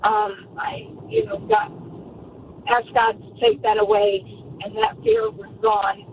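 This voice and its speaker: A woman's voice: mid-range voice, big pitch swings, takes it slowly. A woman calling in to a radio show, telling an emotional, fervent story of faith. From Florida. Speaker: caller. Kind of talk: call-in radio testimony. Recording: noisy phone line.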